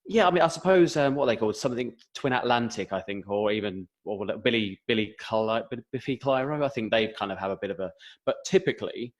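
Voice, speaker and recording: Joking male podcast co-host, lowish voice. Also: animated, fairly quick. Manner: jokey, curious questions. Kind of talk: casual podcast chat. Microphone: video call.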